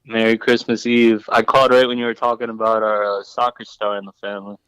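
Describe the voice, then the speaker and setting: Low flat-voiced young man on a call. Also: fast talker. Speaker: caller. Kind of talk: phone call into a podcast. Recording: dull phone-call audio.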